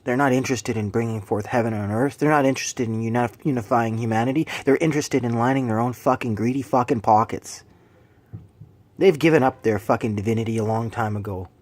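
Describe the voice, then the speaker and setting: A man's voice: brisk, dry recording. Angry, profane man ranting. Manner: swings between shouted bursts and low hushed lines. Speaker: vlogger. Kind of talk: angry rant to camera.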